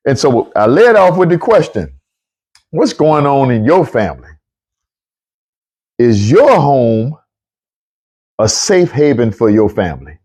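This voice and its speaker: A man hosting a casual livestream Bible talk, chatty and excitable, often repeating himself as he greets viewers. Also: medium pitch, measured pace, long pauses, slightly rough. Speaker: online show host.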